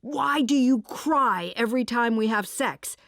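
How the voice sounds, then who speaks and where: A woman reading a gentle, earnest man. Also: medium pitch, expressive, moderate pace, no echo, studio quality, lightly acted. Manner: gentle, resigned.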